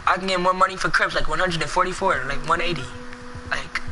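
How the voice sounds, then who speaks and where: Brash guy trash-talking through his game, kinda high voice, noisy background. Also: quick pace. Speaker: gameplay streamer. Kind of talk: casual gameplay commentary.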